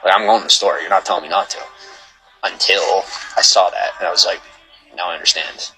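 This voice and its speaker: A man hosts a livestream in a low, steady, sharp-toned voice, talking briskly over faint music on a rough recording. He chats casually, greets viewers and reads their comments, but grows heated and rambles, repeating himself.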